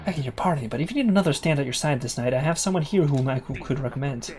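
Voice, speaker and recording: A man reading a game aloud, voicing a calm, courteous male minstrel in a soft, formal way. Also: on the high side, racing, soft background music, close to an everyday voice.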